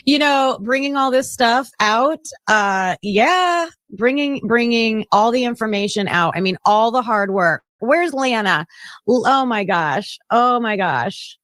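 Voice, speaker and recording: A woman's voice: on the high side, lively intonation, takes it slowly, a bit bright, no room sound. A woman hosting a live stream, exclaiming and reading breaking news aloud to her viewers. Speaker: livestream host. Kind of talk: excited live-stream chat.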